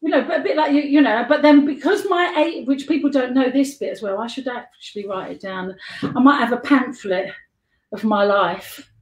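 An older woman from London, a guest and life model, chats on a live-streamed video call in a high voice that echoes around the room. She's giggly and talkative, rambling through anecdotes and hopping from one tangent to the next.

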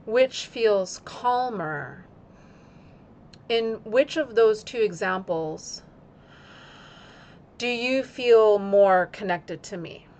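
A woman yoga teacher speaking in an instructional video, using slow, deliberate phrasing timed to her breath. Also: medium pitch, expressive, a little mellow.

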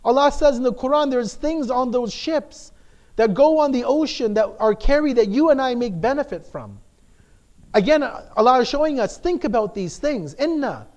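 A shaykh addresses his community in an easy, conversational sermon. His voice sits very high for a man. He keeps asking "right?" and hammers key words through repetition. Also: lively intonation, normal speed, darkish tone, highs cut off. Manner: explains with frequent "right?" tags and emphatic repetition. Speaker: shaykh giving a talk.

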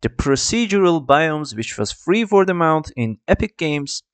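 A man walking through a 3D software tutorial, with a casual "I mean" and "let's just" as he goes. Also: fairly high pitch, sing-song, a little slow, no room sound. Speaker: 3D tutorial creator. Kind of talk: screen-recorded software tutorial.

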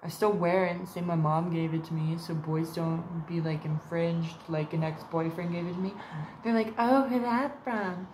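A woman's voice: lowish voice, fairly even intonation, normal speed, dark tone, a little hiss or hum. A woman talking to camera in a rambling, profane vlog monologue, drifting between topics and slipping into little put-on voices. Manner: profane, wandering, puts on voices in quotes. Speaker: vlogger. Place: sitting at home.

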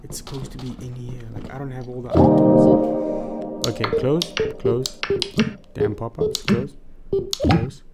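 Casting: man, gaming YouTuber, playful and jokey, mid-pitched, over loud game music. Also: wildly swooping pitch, a little slow, vocal fry, long pauses. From South Africa. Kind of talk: let's play commentary.

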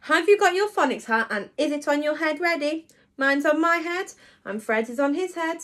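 Lively sing-song phonics teacher woman. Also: high voice, moderate pace. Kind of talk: online phonics lesson for young children.

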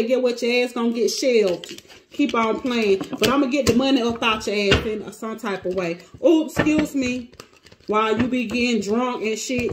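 A woman giving a casual tarot reading, animated and exclamatory, often thinking aloud and breaking off mid-sentence. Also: fairly high pitch, background noise. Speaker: tarot reader.

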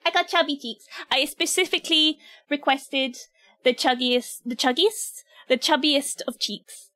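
A woman's voice: sits high, unhurried, pushed and bright, dry recording, clean studio sound. A British woman streaming, chatting casually with her viewers, giggly and nervous. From Britain. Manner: giggly and nervous, talking to chat. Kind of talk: casual livestream chat.

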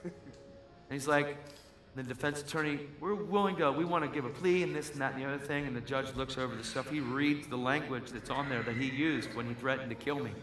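Male preacher, bright and forceful, slightly high voice, animated storyteller, echoey hall. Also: brisk, a little hiss or hum. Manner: animated storytelling, acts out voices, builds to shouting. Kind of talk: sermon testimony. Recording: echoey hall with faint music.

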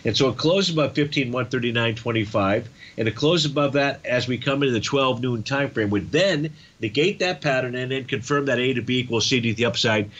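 Male trading-show host, methodical chart talk, mid-pitched voice, slightly lo-fi recording. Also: a bit bright. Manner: methodical, walks through chart levels with frequent fillers. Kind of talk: live market chart commentary.

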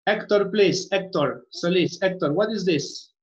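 Woman teacher, patient, repeats words slowly, asks okay often, muffled lo-fi sound. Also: fairly low pitch, slight background noise. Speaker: English teacher. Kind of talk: online class instruction. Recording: muffled lo-fi audio.

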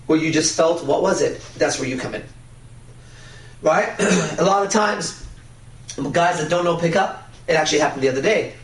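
A man lecturing on dating with a cocky, swaggering delivery and a casual habit of swearing. His voice sits a little high for a man. It is recorded from a distance in an echoey room. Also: moderate pace. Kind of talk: lecture with anecdotes. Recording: roomy echo, voice from a distance.

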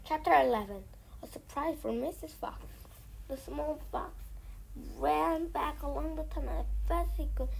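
A woman reading a children's book aloud, softly and often close to a whisper. Her voice sits high, with a gravelly, husky grain. She takes the story at an unhurried pace. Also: poor audio. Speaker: storybook reader.

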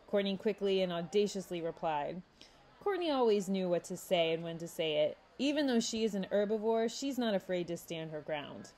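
A woman librarian reading a young adult novel aloud with measured, expressive storytelling. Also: lowish voice. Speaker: youth services librarian.

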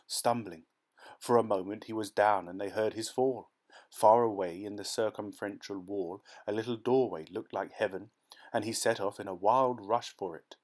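A man narrates a classic short story for an audiobook with a fairly low voice. He keeps a steady, measured storytelling pace through the action. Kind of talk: scripted narration.

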